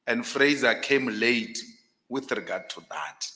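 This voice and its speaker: A man's voice: medium pitch, expressive, slow pace, bright, forceful tone, in a large hall. A South African man questioning a candidate on a formal panel, emphatic and insistent. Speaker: panel commissioner.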